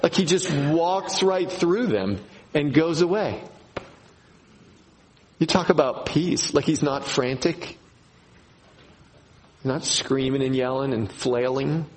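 A man preaching a sermon to his congregation, slow and emphatic, repeating key phrases. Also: fairly high pitch, a little mellow, low-quality recording. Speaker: pastor.

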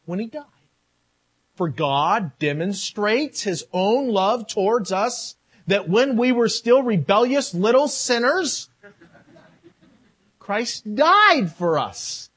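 A man preaching a sermon, animated, swinging between loud and quiet and acting out quoted voices. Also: high-pitched. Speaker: pastor.

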